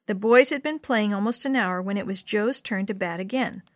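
A woman narrating a storybook in a measured, expressive way. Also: mid-range voice, no room sound, clean studio sound. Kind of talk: storybook reading.

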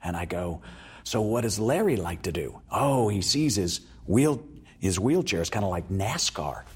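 A man's voice: deep voice, very animated, normal speed, slightly rough. A man telling a story as an interview guest, acting out the voices of the people in it.

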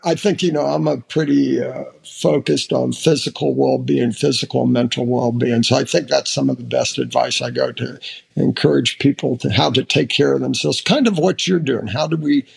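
An older American man, a retired admiral, telling stories in an interview, halting with restarts and lively when quoting others. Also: mid-range voice, creaky. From United States. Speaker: podcast guest, retired admiral. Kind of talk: casual interview storytelling.

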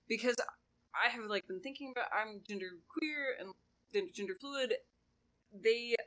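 A woman co-hosting a podcast, chatting casually and telling a story in an animated way, acting out quotes. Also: on the high side, rough recording. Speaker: podcast co-host.

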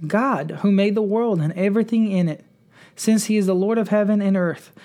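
Earnest male preacher, higher voice. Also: mellow. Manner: measured, earnest, quotes scripture at length. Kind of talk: devotional podcast teaching.

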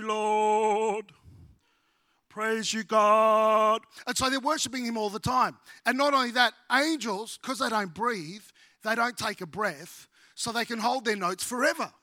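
A middle-aged Australian man, a pastor preaching a sermon with humorous, animated storytelling. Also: extremely high pitch, moderate pace, dry recording.

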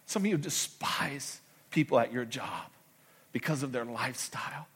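A middle-aged male pastor delivering a sermon in a voice of ordinary pitch for a man. He preaches with passion, driving hard on some phrases and dropping to a hushed near-whisper on others. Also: normal speed, slightly rough.

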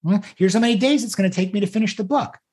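A man's voice: high-pitched, very fast, darkish tone. A man co-hosting a podcast, talking through goals in a casual conversation, enthusiastic and fond of repeating key phrases. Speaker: podcast co-host.

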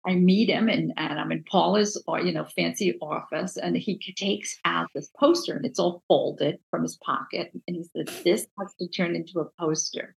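A woman with a New Jersey accent, a book designer telling stories in a casual interview, animated and full of restarts. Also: fairly low pitch, normal speed, gravelly, few pauses, poor audio. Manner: animated, acts out quoted voices, many restarts.

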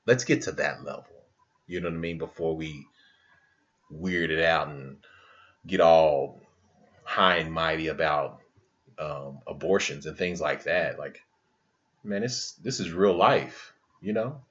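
A man's voice: extremely low pitch, a little slow, pauses often, fairly bright tone, highs cut off. A man hosting a podcast, talking in passionate bursts and often asking "you know what I mean". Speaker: podcast host. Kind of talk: casual podcast chat.

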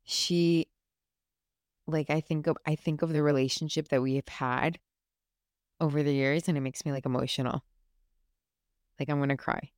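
Low-voiced woman chatting heartfelt and rambling. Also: steady tone, moderate pace, long pauses, no echo, studio quality. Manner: rambling, heartfelt, many fillers. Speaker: podcast host. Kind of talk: casual solo chat.

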